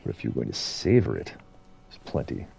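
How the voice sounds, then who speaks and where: A middle-aged American man streams a game, thinking aloud and chatting to his viewers in a rambling, easygoing way. His voice is very deep and gravelly, with a dark, husky tone. His pitch swings widely as he talks. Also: huge pitch swings, a little fast. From United States. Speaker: gaming streamer. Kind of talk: casual gameplay commentary.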